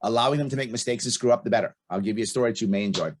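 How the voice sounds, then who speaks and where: Speaking rapid-fire in a lowish voice, this middle-aged libertarian candidate is a podcast guest in a relaxed interview. He's blunt and forceful, hammering his main points repeatedly, with slight background noise present.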